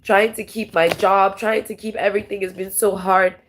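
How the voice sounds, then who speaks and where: A woman's voice: mid-range voice, little pitch movement, moderate pace, slight background noise. A woman tarot vlogger talking to camera in a raw, rambling, emotional monologue, swearing often and restarting her sentences.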